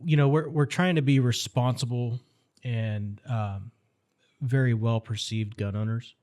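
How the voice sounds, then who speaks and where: A man's voice: mid-range voice, steady tone, unhurried, a little mellow. A middle-aged man talks on a podcast as a firearms instructor guest. His voice sits mid-range, and he talks bluntly and with animation. He builds his stories toward rallying calls. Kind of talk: casual podcast conversation.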